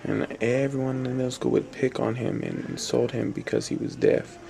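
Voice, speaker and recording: A man's voice: medium pitch, flat delivery, a little fast, creaky, noisy background. A young adult man telling a long story in a rambling, repetitive way, with fillers and restarts. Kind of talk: spoken storytelling.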